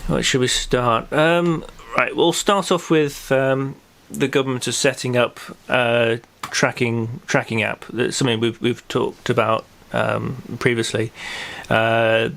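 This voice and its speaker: A man's voice: medium pitch, creaky, a bit bright. A man hosting a local podcast in casual chat, rambling with many fillers and restarts. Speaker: podcast host.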